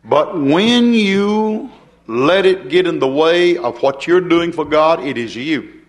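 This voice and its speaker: A man's voice: a little high, lively intonation, takes it slowly. An older man preaching a folksy sermon, chuckling and turning to the congregation with asides.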